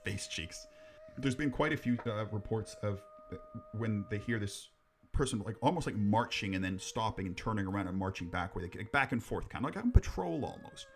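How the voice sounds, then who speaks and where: A man's voice: fairly low pitch, animated, brisk. A man co-hosting a podcast, telling ghost stories in casual, rambling chat, joking, swearing and laughing at his own jokes. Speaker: podcast co-host.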